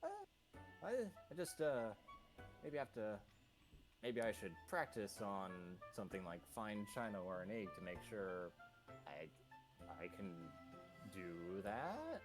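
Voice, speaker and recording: A hesitant armored strongman, as a man plays him, stumbling over his words as he speaks. His voice swings widely in pitch, and he talks slowly and haltingly. Soft music plays faintly in the background. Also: sing-song. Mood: nervous. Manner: stammering, hesitant, flustered. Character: nervous armored young man, strong and awkward.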